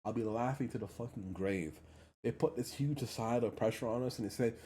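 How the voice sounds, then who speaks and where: Dark-voiced man ranting profanely. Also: mid-range voice, a little fast, slight background noise. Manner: profane, repeats phrases for emphasis; heated and blunt. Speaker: livestreamer. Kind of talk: casual ranting monologue.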